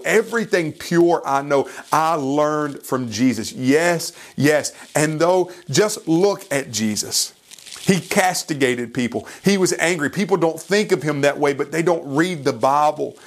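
A man preaching a sermon who retells a story in an earnest, pleading way and speaks slowly and deliberately. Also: on the high side.

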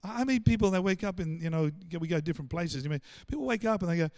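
A man with an Australian accent preaching a sermon, animated and full of stammered restarts as he acts out the voices of the people he quotes. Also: sits high, fast, hardly any pauses, no room sound. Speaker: pastor.

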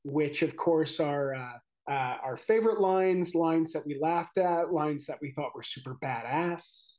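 A man's voice: a little high, measured pace, darkish tone. A man co-hosting a podcast in casual chat, easygoing and joking. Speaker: podcast co-host.

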